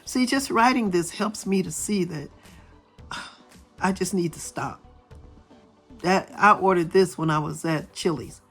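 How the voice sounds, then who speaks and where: A middle-aged woman vlogger chatting casually with her viewers, her voice still a little raspy and hoarse after a cold. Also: lowish voice, unhurried, long pauses, faint music behind. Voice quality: slightly raspy. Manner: chatty, talks straight to viewers. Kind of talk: casual chat. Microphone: camera filming from overhead.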